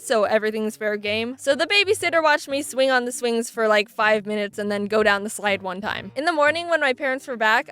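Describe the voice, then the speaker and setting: Young woman with dry, deadpan humor. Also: a little high, clear, resonant tone. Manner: dry, sarcastic, deadpan asides. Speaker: animator telling childhood stories. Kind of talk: storytime narration for an animation.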